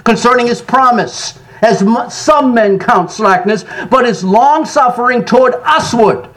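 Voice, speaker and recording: A man preaching a sermon, jumping from loud exclamations to soft asides and laughing between phrases. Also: extremely high pitch, measured pace, rough recording. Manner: animated preaching, sudden loud rises and soft drops. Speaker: pastor.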